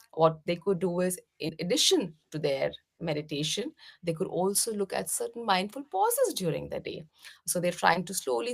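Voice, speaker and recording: A middle-aged woman from India talks as a podcast guest about meditation. Her voice sits low with a gravelly texture, yet her pitch moves widely as she explains. She speaks gently and patiently, with many soft fillers. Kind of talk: podcast interview answers.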